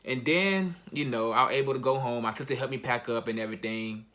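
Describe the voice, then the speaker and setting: A young man, a college athlete, telling a personal story in a casual, slang-heavy, halting way. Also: medium pitch, bright, forceful tone. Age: young adult.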